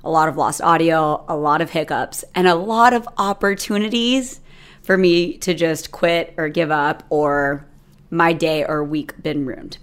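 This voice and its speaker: A woman's voice: sits low, steady tone, unhurried, clean tone. A young adult woman hosting her own podcast, telling a personal story in a chatty, rambling way with many fillers. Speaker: podcast host. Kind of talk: casual solo podcast monologue.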